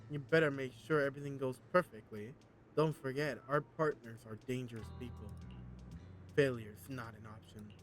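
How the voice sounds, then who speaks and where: A man's voice: medium pitch, moderate pace, a bit bright, soft background music, lightly acted. A man voicing an arrogant, cold male crime boss, reading game dialogue aloud in a curt, commanding, dismissive way.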